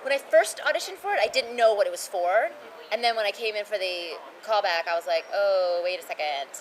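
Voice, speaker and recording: A woman voice actress chatting casually as an interview guest, lively and quick, jumping to high-pitched bursts when she acts out quotes. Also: a little hiss or hum, low-quality recording. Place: convention venue.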